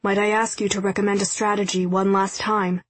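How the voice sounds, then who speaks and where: A woman narrator voicing a grave, formal male warrior who speaks quietly in old-fashioned phrases. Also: medium pitch, little pitch movement, a little fast, no echo, lightly acted. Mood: solemn.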